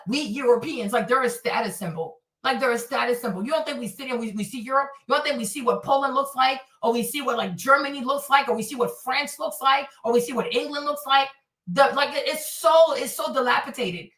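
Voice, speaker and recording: A woman streamer hosting a loud, mocking, profane rant, repeating her jabs over and over. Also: high voice, roomy sound, recorded from a distance. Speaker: streamer host. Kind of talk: ranting commentary.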